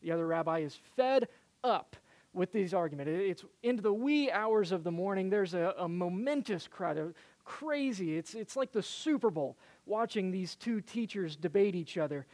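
Preacher, sermon storytelling, hesitant delivery with fillers, mid-pitched voice. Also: lively intonation, normal speed, darkish tone. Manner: hesitant, lots of "uh" fillers and restarts.

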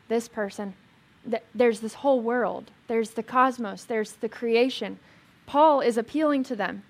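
A woman with a somewhat high voice leads a casual Bible teaching for a group in front of her. She talks in a chatty, animated way, full of "like" fillers, and drops in humorous asides as she explains the passage.

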